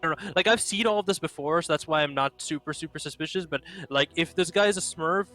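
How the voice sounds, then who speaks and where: Bright-voiced rambling young man. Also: a little high, quick pace, faint music behind. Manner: rambling, heavy use of "like". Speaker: co-caster. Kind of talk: casual post-game talk.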